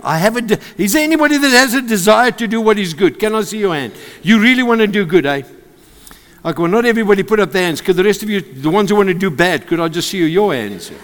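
South African preacher with a high voice. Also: male voice, fast talker. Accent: South African English. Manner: animated, joking with the congregation. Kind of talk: sermon. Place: church service with congregation. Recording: long hall reverb.

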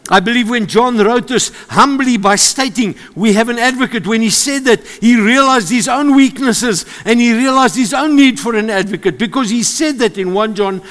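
A man with a South African accent preaching a sermon, animated and joking with the congregation. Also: very high voice, moderate pace, few pauses. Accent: South African English. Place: church service with congregation. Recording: long hall reverb.

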